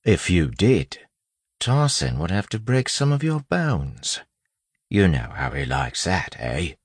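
A man voicing a sly male lawman posing as a thug, speaking low and soft with a quiet threat. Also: sing-song, slow pace, dry recording, heavily acted. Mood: soothing.

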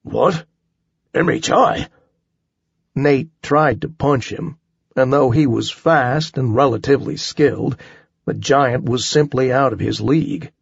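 A man narrates a first-person action story in a measured, wry voice. His tone is gravelly and a little husky. It is recorded close and dry, with a dull, slightly muffled sound. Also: medium pitch, no echo. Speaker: audiobook narrator.

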